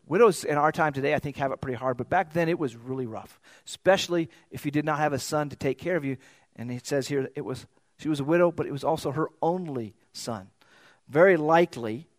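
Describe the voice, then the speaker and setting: A man's voice: mid-range voice, no echo. A man preaching a sermon in a conversational, storytelling way, often repeating words as he searches for them.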